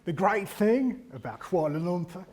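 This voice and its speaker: A man mimicking a blunt Australian businessman in a put-on Australian accent, slow and brusque. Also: high voice, expressive, a little mellow, voice pushed up.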